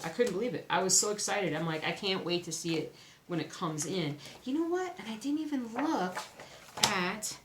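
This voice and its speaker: A woman vlogging casually to camera about her cross-stitch projects, chatty and excitable, often exclaiming. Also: mid-range voice, normal speed. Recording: echoey room, faint background noise.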